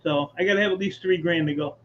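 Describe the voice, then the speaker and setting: On a live scrap chat, a male guest tells stories casually with easy laughter and offhand swearing. He speaks fast in a high-sitting voice, and the lo-fi audio sounds dull.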